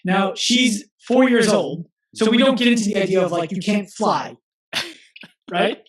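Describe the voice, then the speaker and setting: A man's voice: high voice, lively intonation. Earnest man telling stories, echoey room. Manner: earnest, storytelling with quick restarts. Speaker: guest, physical therapist and coach. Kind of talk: conversational interview.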